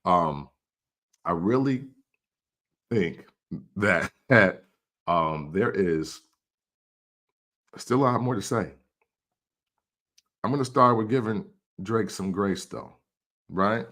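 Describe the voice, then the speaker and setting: A man in his forties with a very low voice talks through his views in loose, casual commentary. He laughs often and slips into quick acted-out quotes as he goes. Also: lively intonation, fairly bright tone. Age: 40s. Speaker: podcast host.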